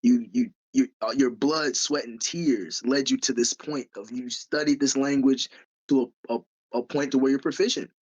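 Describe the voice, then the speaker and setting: A man's voice: mid-range voice, fairly even intonation, moderate pace, a little mellow, highs cut off. A man co-hosting a podcast in casual chat, eager and often stumbling over his restarts. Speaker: podcast co-host.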